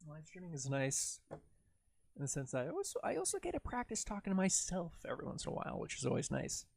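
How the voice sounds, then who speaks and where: A man's voice: a little high, wildly swooping pitch, fairly quick, creaky, a little mellow, slightly rough, no room sound. A man casually talking through his video editing on a livestream, rambling and jokey as he narrates each step. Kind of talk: casual live tutorial talk.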